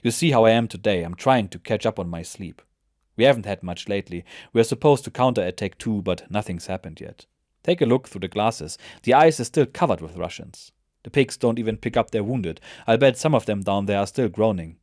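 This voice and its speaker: A worn-out soldier who brags about the fighting in a dry, offhand way, as a man puts him on. His voice is low and close, with no room sound around it. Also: animated, fairly quick, a little mellow, dry recording, natural voice. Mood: grumbling. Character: tired male German frontline soldier, wry.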